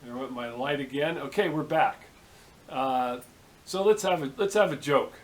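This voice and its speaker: A man's voice: medium pitch, normal speed, slight background noise, rough recording. Easygoing man rambling in his workshop. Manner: easygoing, many "uh" and "um" fillers. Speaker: workshop video host. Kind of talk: casual rambling vlog talk. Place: home workshop.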